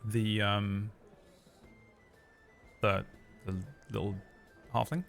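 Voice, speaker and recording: A young man narrating as game master for a tabletop game, relaxed and a little hesitant. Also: fairly low pitch, very slow, creaky, faint music behind.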